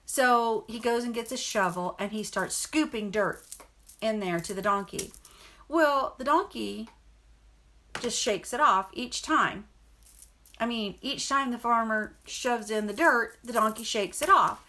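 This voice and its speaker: A woman's voice: medium pitch, a little slow, sharp tone, slight background noise. A middle-aged woman and mother, chatting to camera in a rambling, earnest storytelling vlog. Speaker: vlogger and mother.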